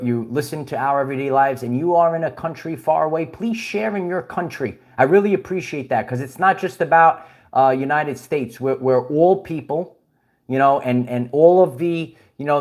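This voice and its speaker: A livestream host with a fairly high voice rambles through a casual spiritual stream, restarting often and chuckling as he greets viewers and reads their comments.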